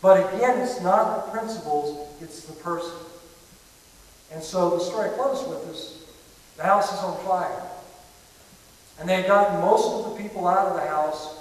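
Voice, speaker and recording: A man's voice: high voice, moderate pace, pauses often. A man preaching a sermon, telling stories and often repeating words as he builds up. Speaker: pastor. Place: church sanctuary. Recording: echoey hall from far off, faint hiss.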